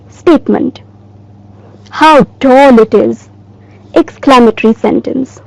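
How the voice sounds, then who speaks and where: A woman teacher giving a recorded lesson in a slow, clear, emphatic way. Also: high voice, darkish tone, no echo, rough recording.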